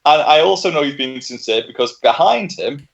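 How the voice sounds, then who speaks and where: Animated man, muffled lo-fi stream. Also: fairly high pitch, normal speed, vocal fry. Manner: animated storyteller, laughs often, swears. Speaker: livestream co-host. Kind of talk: casual gaming chat. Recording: muffled lo-fi audio.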